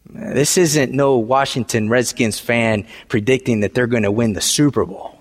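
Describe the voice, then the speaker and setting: A man preaching a sermon, emphatic and repetitive, swinging from hushed lines to shouted ones. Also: mid-range voice, a little slow. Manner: emphatic, repeats phrases, swings between quiet and shouting. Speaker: pastor. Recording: long hall reverb.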